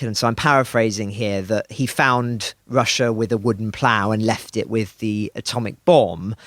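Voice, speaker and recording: A man with a middle-pitched voice gives analytical podcast commentary, emphatic and deliberate. His delivery is dry and close, and he leans hard on key words as he reasons. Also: fairly bright tone, no room sound.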